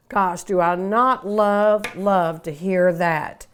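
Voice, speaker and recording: A woman's voice: medium pitch, slow, clean tone. An older woman hosting a cooking show, chatting and gushing enthusiastically while she eats. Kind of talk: casual cooking show talk.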